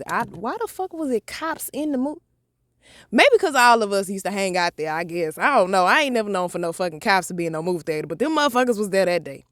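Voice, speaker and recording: Woman vlogger doing storytime, cussing a lot, super animated, dry close sound. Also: mid-range voice, no echo. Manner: profane, animated, talks to viewers as y'all. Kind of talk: casual storytime.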